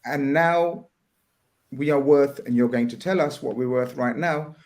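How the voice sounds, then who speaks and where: A man hosting a casual football fan chat, talking in halting restarts and asking leading questions. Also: mid-range voice, darkish tone. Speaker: host.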